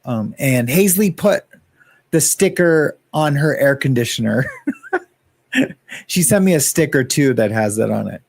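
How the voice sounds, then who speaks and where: A man's voice: medium pitch, expressive, unhurried, gravelly, pauses often, a little mellow, dry recording. A man hosting a casual livestream, rambling and greeting chat viewers by name. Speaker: livestream host.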